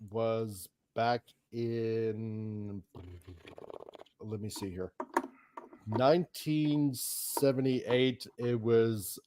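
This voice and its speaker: A man's voice: medium pitch, a little hiss or hum. Easygoing Canadian man in his fifties. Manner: easygoing, reminiscing, chuckles along. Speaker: guest on a build stream. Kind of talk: casual chat.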